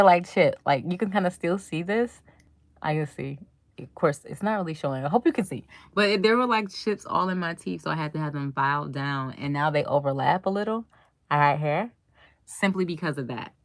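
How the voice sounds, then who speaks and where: Young female life coach, low voice, chatty and laughing, talking straight to her audience in a dry room. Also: no room sound. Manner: chatty, laughs often, acts out quotes. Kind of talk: casual chat to a live audience.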